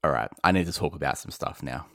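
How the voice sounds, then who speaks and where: A man's voice: extremely low pitch, fast talker, bright, forceful tone, no room sound, studio quality. An Australian man hosting a casual film podcast, ranting animatedly and breaking into laughs. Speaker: podcast host.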